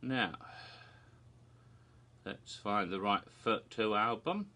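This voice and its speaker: A man's voice: fairly low pitch, animated, slow, sharp tone. A middle-aged man hosting a theme park history vlog, talking in a playful, theatrical, self-mocking way. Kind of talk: casual vlog talk.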